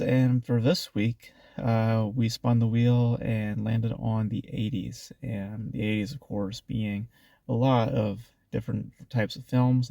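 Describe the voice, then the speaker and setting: A congested man talks through a casual film review, drifting along with plenty of ums and restarts. His voice sits low and gravelly, dark and mellow in tone, and the sound is dry and close. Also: dry recording. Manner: rambling with many fillers and restarts.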